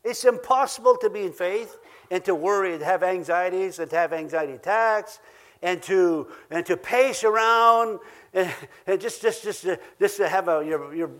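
A man's voice: sits high, normal speed, a bit bright. A man with an Ojibwe accent preaching a sermon, earnest and repeating key phrases for emphasis, with chuckles between points.

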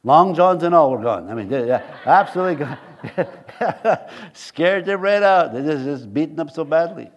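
A middle-aged man preaches in a slightly higher register than most men. He rambles through homely stories and jokes, laughing at his own asides. He speaks to a congregation in a church. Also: expressive, normal speed. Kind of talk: conversational sermon.

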